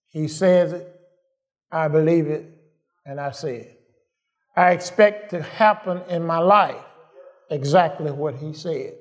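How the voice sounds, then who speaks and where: A man preaching a sermon in a call-and-response manner, often asking "Am I right?" and repeating his phrases for emphasis. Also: a little high.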